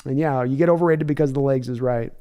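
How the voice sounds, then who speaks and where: Mellow-voiced man hosting a football stream. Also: mid-range voice, clear, resonant tone. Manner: chatty and conversational, answering viewers by name; measured, thinking-aloud analysis with restarts. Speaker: live stream host. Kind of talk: casual live-stream football talk, reading chat aloud.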